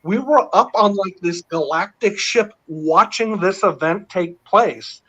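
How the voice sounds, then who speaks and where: A middle-aged man telling a long story in casual chat, rambling and excited, with many fillers. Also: high voice, a little slow, breathy edge. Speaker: panel guest. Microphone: video call. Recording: dull lo-fi online call audio.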